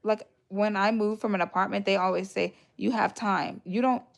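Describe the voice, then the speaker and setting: A woman's voice: mid-range voice, steady tone, moderate pace, vocal fry. A woman hosting a casual livestream from home, telling a long story and thanking viewers for gifts along the way. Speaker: livestream host. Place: home, near a radiator.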